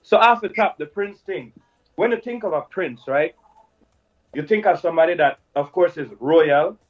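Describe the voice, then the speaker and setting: An excitable man, talking effusively as a guest in a radio interview and repeating himself. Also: a little high, normal speed, highs cut off, faint music behind. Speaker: guest musician.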